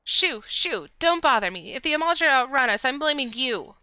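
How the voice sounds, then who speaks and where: A woman voicing a coarse, blunt male lookout in a game, loud and raised in pitch. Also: expressive, normal speed, clear, resonant tone, no echo. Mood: grumpy.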